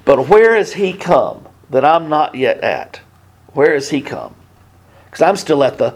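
Man in his fifties, informal halting preacher, shifts from quiet to emphatic. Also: a little high, sing-song. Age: 50s. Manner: conversational, halting with many restarts, swings between hushed and emphatic. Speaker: pastor. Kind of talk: sermon.

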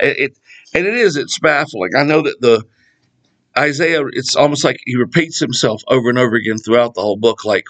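Animated middle-aged man teaching the Bible. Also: mid-range voice, moderate pace, rough recording. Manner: animated, digressive, laughs at his own jokes. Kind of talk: casual Bible study talk.

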